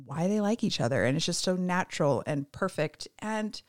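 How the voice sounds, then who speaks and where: A woman co-hosting a casual chat, retelling a movie scene in an animated, dramatic way. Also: lowish voice, normal speed. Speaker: podcast co-host.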